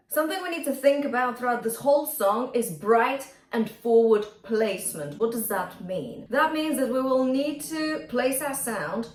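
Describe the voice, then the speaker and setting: High-voiced woman vocal coach in a roomy space. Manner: encouraging, addresses viewers directly, demonstrates bright twangy sung notes. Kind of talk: singing lesson with sung demonstrations. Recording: roomy sound from a bit off the mic, faint music.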